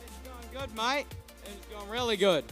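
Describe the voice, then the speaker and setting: A man's voice: high-pitched, normal speed, a bit bright, faint music behind, voice pushed down. A man putting on a drawling Australian penguin. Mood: laid-back. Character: cheery Australian penguin mascot, male.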